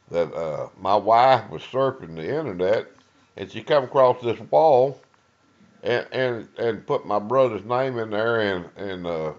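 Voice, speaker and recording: An older man with an East Texas Southern accent telling an oral-history story, halting with many uhs and acting out what people said. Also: lowish voice, dull audio. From East Texas, USA. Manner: rambling, halting with many uhs, acts out quoted dialogue. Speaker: retired lawman and Vietnam veteran telling his story.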